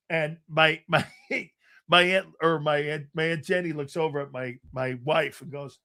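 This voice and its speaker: A man hosting a live sports talk show, loud and excitable, swearing freely and breaking into shouts while he tells stories in quick bursts. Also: on the high side. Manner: rapid storytelling with restarts.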